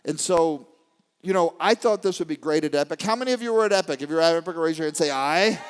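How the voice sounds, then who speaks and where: A man giving an animated motivational talk to a live audience, swinging from quiet storytelling to shouting. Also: a little high, fast talker, smooth. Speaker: motivational speaker. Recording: long hall reverb.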